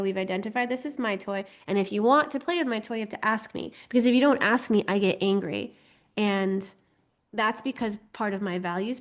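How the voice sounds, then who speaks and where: A woman teaching a casual, chatty class on astrology and human design, often acting out inner voices. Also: mid-range voice.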